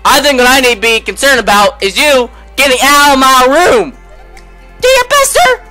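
A teenage gamer from the United States, joking around and reacting loudly while he plays. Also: extremely high pitch, normal speed, faint music behind. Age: teens. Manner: goofy, exclaiming, reacting loudly. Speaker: gaming video host. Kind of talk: gameplay commentary.

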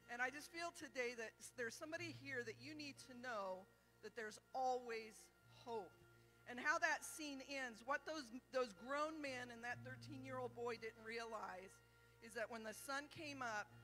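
Bright-voiced woman sharing an earnest word. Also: fairly high pitch, low-quality recording. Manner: earnest, retells a film scene at length. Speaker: church member sharing a word. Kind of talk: spontaneous testimony in church.

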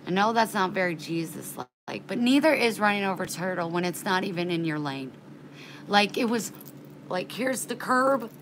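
A woman's voice: mid-range voice, expressive, moderate pace, a bit bright, slight background noise, rough recording. A woman chatting in a casual vlog, rambling and frank, getting worked up and indignant, with casual swearing. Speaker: vlogger.

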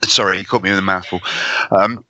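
A man's voice: medium pitch, moderate pace, sharp tone, slight background noise, close to an everyday voice, low-quality recording. A man in an improv scene playing an awkward, hesitant man addicted to pickled pig's feet. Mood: sheepish. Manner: hesitant, sheepish, full of ums. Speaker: improv player.

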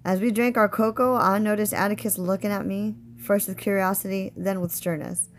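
A woman teacher reading a novel aloud in a steady, expressive way. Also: medium pitch, a little fast, few pauses, a little hiss or hum.

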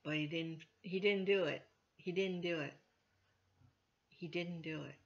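A woman church elder giving an informal Bible teaching, chatty with many "you know" fillers, getting louder when she quotes scripture. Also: fairly low pitch, unhurried, dull audio.

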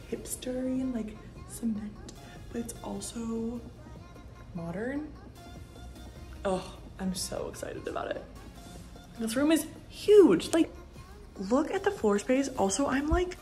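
A woman vlogger chatting casually as she walks through her new, bare apartment. She gushes excitedly, filling her talk with "like" and "oh my gosh." Her voice bounces around the empty room, with faint music underneath. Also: medium pitch, roomy sound. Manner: gushing, excitable, lots of "like" and "oh my gosh". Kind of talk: casual vlog chat.

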